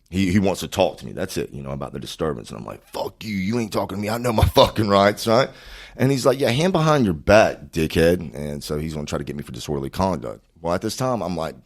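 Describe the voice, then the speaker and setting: A man, a podcast guest telling a rough story casually, swearing a lot. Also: very deep voice. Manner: swears a lot, animated retelling.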